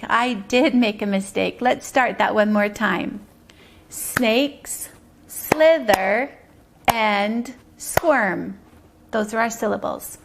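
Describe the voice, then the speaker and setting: A preschool teacher leads circle time in a slow, sing-song voice, drawing out rhymes and syllables. Her voice is a little high and slightly gravelly.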